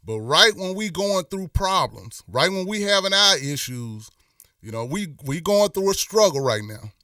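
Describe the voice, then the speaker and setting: A man's voice: high-pitched, big pitch swings, a little slow, sharp tone, dry recording, studio quality, far from the mic. A middle-aged man hosts a live stream, talking in a rambling, impassioned way with many restarts. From Memphis. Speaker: host. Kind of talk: casual live-stream talk.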